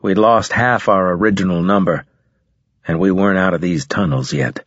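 A man narrating a first-person audiobook in a low, husky voice, with a measured, matter-of-fact delivery. The recording is dry and close, with a slightly dull, lo-fi sound. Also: no room sound.

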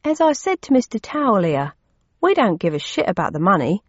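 A woman voicing a strong man who speaks quietly and firmly. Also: mid-range voice, big pitch swings, a little fast, slightly rough, no echo. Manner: quiet and firm. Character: strong, calm man on a mission. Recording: dull lo-fi audio.

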